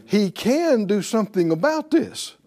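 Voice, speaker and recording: A man's voice: high-pitched, sing-song, a little slow, a little mellow. A middle-aged man teaching a sermon in a chatty, folksy way, often laughing and acting out the people he quotes. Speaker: pastor teaching a faith class.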